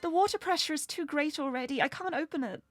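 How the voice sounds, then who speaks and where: A woman voicing a brave, earnest young woman in a video game, calm and reassuring. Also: sits high, quick pace, soft background music, voice pushed up, close to an everyday voice. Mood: determined.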